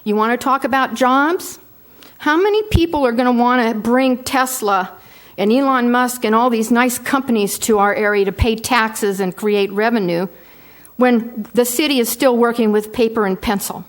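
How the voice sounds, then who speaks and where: Firm woman in her sixties, higher voice. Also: normal speed. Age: 60s. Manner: firm, persuasive, emphatic. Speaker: advisory board member. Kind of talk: formal statement at a public meeting.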